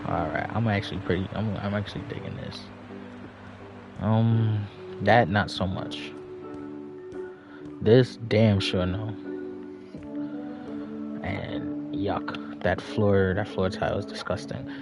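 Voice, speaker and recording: A man's voice: fairly low pitch, fairly even intonation, takes it slowly, gravelly, pauses often, over music. New man, profane casual storytelling. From New York. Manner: loose, profane, chuckling storyteller. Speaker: livestreamer. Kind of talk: casual storytelling while gaming.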